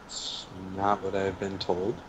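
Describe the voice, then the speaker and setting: A man playing a tabletop game, answering in character in a terse, flat way. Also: low-pitched, slow pace, background noise. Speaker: player. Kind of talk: in-character tabletop role-play.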